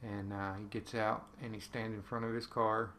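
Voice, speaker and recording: A man's voice: on the low side, flat delivery, normal speed, pushed and bright, slight background noise. A man casually telling a personal story to camera, rambling with lots of ums and uhs.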